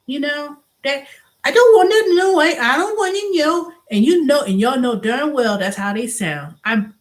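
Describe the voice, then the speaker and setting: A middle-aged woman hosting a casual vlog, venting animatedly and often restarting and repeating herself. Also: a little high. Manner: animated venting, acts out quoted voices. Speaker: show host.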